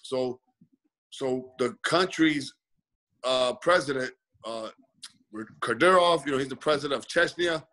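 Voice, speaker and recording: Bright-voiced man telling a story. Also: medium pitch, a little slow, pauses often, low-quality recording. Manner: rambling, many "you know" fillers. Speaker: guest boxer. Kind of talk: casual storytelling in a video-call interview. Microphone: video call.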